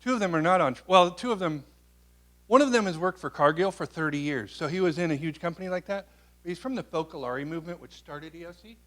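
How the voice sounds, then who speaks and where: A man giving a public talk, answering an audience question with a lively story. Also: on the high side, fast. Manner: animated storyteller, quotes people in their voices. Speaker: guest speaker.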